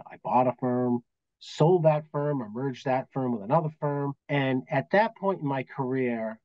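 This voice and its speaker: A man's voice: medium pitch, a little mellow, no room sound, highs cut off. A man in his fifties with a Boston accent, a guest telling work stories in a casual interview and acting out the dialogue. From Massachusetts, US. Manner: anecdotal, acts out quoted dialogue. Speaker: guest, business valuation accountant.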